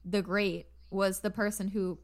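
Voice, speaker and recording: A woman's voice: mid-range voice, measured pace. A young woman co-hosting a casual podcast chat, laughing often and telling stories with animation. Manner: giggly, animated storyteller. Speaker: podcast co-host. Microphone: remote call mic.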